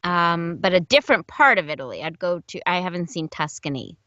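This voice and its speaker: A woman guest on a podcast, giggly and quick to play along in an improvised comic chat. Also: lowish voice, expressive, sharp tone, no room sound, lo-fi sound. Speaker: guest voice actor.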